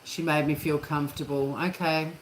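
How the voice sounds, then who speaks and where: In an echoey room with a faint hum in the background, a livestream host chats casually with viewers. She has a low voice with little pitch variation, speaks at a moderate pace, and talks openly, cursing freely.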